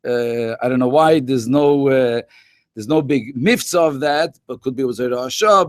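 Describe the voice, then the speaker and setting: A man's voice: medium pitch, no echo, studio quality. A man, a rabbi and educator, telling stories to schoolchildren in a conversational way, full of Hebrew and Yiddish terms. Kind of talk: storytelling talk to schoolchildren in a webinar.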